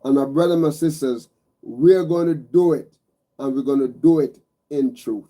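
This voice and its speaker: A man's voice: medium pitch, moderate pace, dark tone. A man preaching a meditative sermon, repeating phrases and calling his listeners brothers and sisters, stacking emphatic single words.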